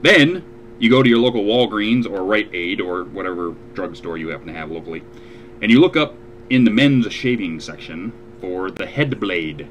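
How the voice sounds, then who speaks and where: Low-voiced man hosting a casual web show. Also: animated, normal speed, muffled recording, slight background noise. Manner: matter-of-fact, explaining step by step with dry jokes. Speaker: podcast host.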